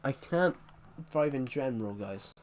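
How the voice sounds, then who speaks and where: A man's voice: medium pitch, expressive, a little slow, slight background noise. A man with a Southwest English accent, a streamer chatting casually and rambling as he answers viewers' questions. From southwest England. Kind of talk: casual live-stream chat.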